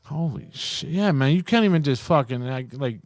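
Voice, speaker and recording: Excitable, profane podcast host, a man. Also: medium pitch, normal speed, no room sound, faint music behind. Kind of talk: casual chat.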